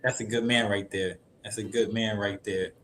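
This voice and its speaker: A man's voice: fairly low pitch, steady tone, moderate pace, fairly bright tone. A man hosting a casual podcast, trading teasing banter and laughing often. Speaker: podcast host.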